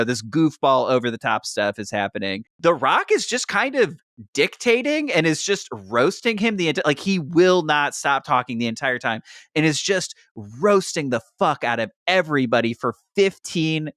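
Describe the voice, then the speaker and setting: A man's voice: fairly high pitch, normal speed, no room sound. Man, 30s, podcast co-host, loose and profane recap energy, dry close mic. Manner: animated, profane, laughing asides. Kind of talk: casual wrestling recap chat.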